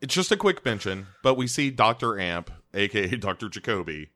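A man's voice: fairly low pitch, big pitch swings, fairly quick, pushed and bright. A man co-hosting a podcast in casual chat, recapping scenes with many fillers and dry humor. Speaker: podcast co-host.

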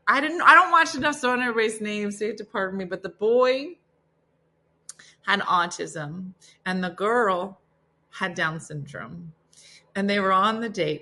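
A middle-aged woman hosts a morning talk show, reading listener valentines in an easy, chatty way. She talks slowly with a bright, forward tone. She gets emotional and tearful between laughs. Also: mid-range voice.

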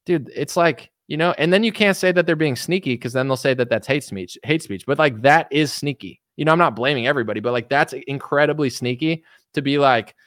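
A man's voice: on the high side, a little fast, fairly bright tone, no echo. Rambling man streaming commentary, dry sound. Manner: rambling, full of fillers and restarts. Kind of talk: casual livestream commentary reading chat.

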